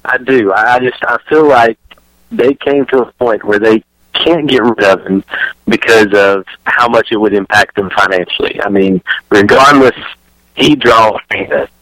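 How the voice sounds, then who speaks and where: Bright-voiced man arguing sports. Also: on the low side, a little slow, no echo, poor audio. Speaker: radio co-host. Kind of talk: casual sports talk.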